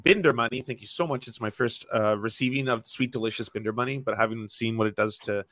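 Playful co-host, man with a bright voice, laughs a lot, dry close recording. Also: medium pitch, fast, no room sound. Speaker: podcast co-host reading super chats. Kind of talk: casual panel chat.

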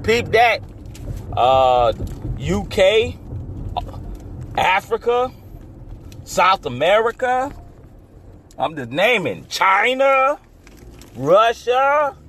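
A man's voice: high voice, big pitch swings, drawn-out words, pauses often, fairly bright tone, a little hiss or hum. A man hosting his own podcast, talking casually in a rambling, repetitive way, stumbling and restarting, and hyping things up like a fight announcer. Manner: hypes the matchup like a fight announcer. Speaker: podcast host. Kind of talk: casual solo podcast monologue.

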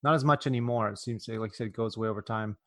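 A man from rural California hosting a casual podcast interview, joking and laughing easily with his guest. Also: lowish voice. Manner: jokey, quick to laugh. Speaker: podcast host.

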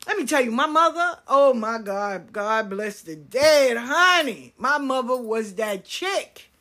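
Speaking slowly in a slightly high, animated voice with a sharp edge, this spiritual card reader launches into a casual rant for her viewers. She's blunt, swears freely and hammers her points home.

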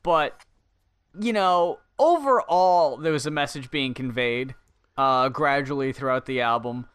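A man co-hosting a casual chat about an album, relaxed, swearing, and backing up his co-host. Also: mid-range voice, measured pace, clear, resonant tone, no room sound. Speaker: podcast co-host.

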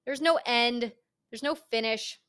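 A woman's voice: a little high, unhurried, fairly bright tone, clear, resonant tone. A young woman hosting a fitness podcast, speaking straight to the listener in a casual, emphatic, motivational monologue and swearing freely.

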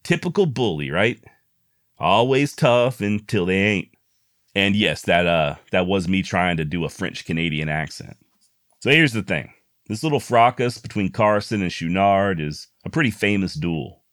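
A man's voice: low voice, lively intonation, normal speed, a bit bright, no room sound, studio quality. A man narrating frontier history in a casual, folksy way with wry asides. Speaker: history storyteller.

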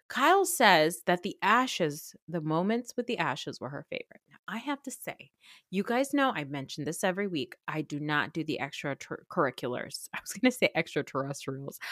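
A young woman hosts a casual TV recap podcast, sarcastic and profane, breaking into laughing asides. Her pitch leaps around with animated energy. The recording is dry and close, with no room sound. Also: no echo. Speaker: podcast host.

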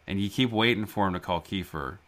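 A man's voice: sits low, normal speed, a bit bright. A man co-hosting a movie podcast, chatting casually in a rambling, jokey way and laughing often. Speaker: podcast co-host.

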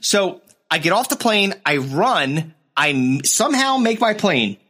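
A man's voice: sits high, a little slow. A man in casual chat, telling a travel story with lots of swearing and acting out other people's voices. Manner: animated, profane, acts out other people's voices.

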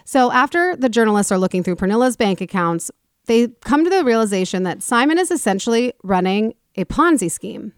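A woman hosting a casual talk show, retelling a story in an animated way and acting out the people in it. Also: a little high, brisk, smooth, no echo, studio quality. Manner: animated retelling, acts out quoted people with swearing. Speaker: podcast host.

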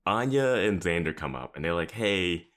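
A man with a deep voice co-hosts a podcast in a relaxed, chatty way. His intonation rises and falls widely, and he keeps breaking into amused laughter. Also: fairly quick. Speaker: podcast co-host. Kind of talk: casual chat recapping a TV episode.

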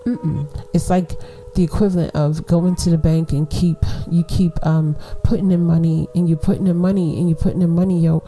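A middle-aged woman hosts her own podcast with a mellow, warm voice. She talks in a chatty, slangy way and laughs often. Soft music plays faintly behind her. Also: fairly low pitch, fairly even intonation, fairly quick. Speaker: podcast host. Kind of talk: casual advice monologue.

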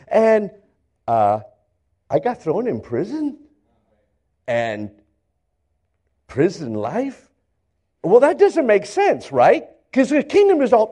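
An older male pastor preaching a sermon, telling stories in animated fashion and acting out the characters, often repeating words as he builds up. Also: high voice, slow pace, long pauses. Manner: animated storytelling, acts out characters, stammers repeats.

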